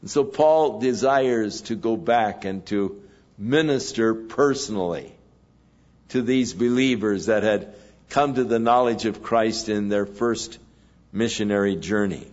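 A man preaching an expository sermon in a measured way, pausing between phrases. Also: fairly low pitch, a little mellow, highs cut off. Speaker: pastor.

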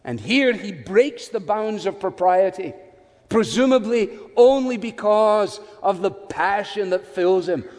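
A man's voice: high-pitched, expressive, a little slow, a little mellow, long reverb tail. A man preaching an expository sermon in a conversational way, with chatty asides and self-corrections.

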